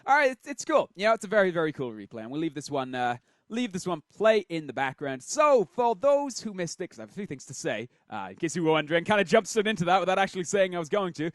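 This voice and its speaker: A man's voice: high-pitched, sing-song, quick pace, hardly any pauses, dry recording. A man hosting a show, casually commenting on game replays and thinking aloud with fillers, close to a desk mic.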